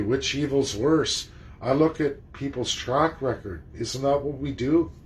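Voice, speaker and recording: A man's voice: medium pitch, slight background noise, rough recording. A man delivering an emphatic, indignant political monologue, throwing rhetorical questions at his audience and swearing freely. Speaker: political commentator.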